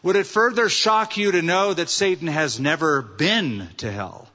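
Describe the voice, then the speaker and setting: A man's voice: fairly high pitch, measured pace, pushed and bright. A male pastor preaching a sermon, earnest and story-telling, using rhetorical questions. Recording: dull sound with long hall reverb.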